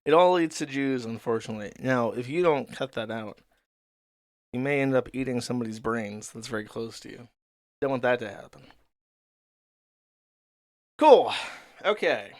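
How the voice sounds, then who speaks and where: Fast-talking deadpan male host. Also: mid-range voice, no room sound, clean studio sound. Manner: rapid, deadpan, mocking asides. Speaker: show host. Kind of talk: sardonic commentary on online content.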